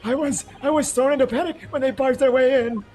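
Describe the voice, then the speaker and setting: A man doing a frantic, high accused student. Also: fairly even intonation, a little fast, over music. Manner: frantic, pleading. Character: panicky young male foreign student accused of murder. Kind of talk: reading game dialogue aloud. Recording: noisy home mic.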